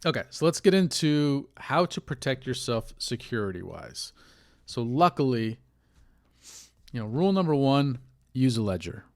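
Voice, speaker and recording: A man's voice: mid-range voice, sing-song, moderate pace, no room sound, clean studio sound. A man hosting a solo podcast, rambling in a candid, rueful way with a stuffy, sniffly nose from allergies. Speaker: podcast host. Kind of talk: casual solo podcast monologue.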